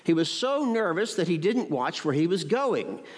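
Calm, reassuring storybook hedgehog, read by a male pastor, church echo. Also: a little high, moderate pace. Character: kind sensible male hedgehog, calm leader. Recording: echoey church hall.

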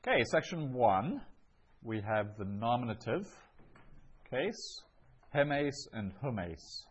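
A man's voice: mid-range voice, sing-song, slow pace, breathy edge, highs cut off. A man teaching a language lesson, patiently repeating each phrase and explaining it step by step. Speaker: Greek teacher. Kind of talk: classroom lesson.

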